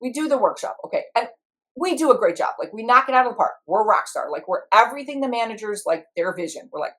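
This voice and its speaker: A woman's voice: fairly high pitch, animated, fast, a bit bright. A middle-aged woman, an IFS practitioner, telling a story in conversation and acting out her inner parts in quoted voices.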